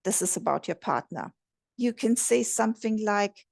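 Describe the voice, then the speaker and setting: A woman relationship coach giving a gentle, measured instructional talk. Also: mid-range voice, expressive, creaky, no room sound, studio quality. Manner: gentle, measured, modelling empathetic phrases.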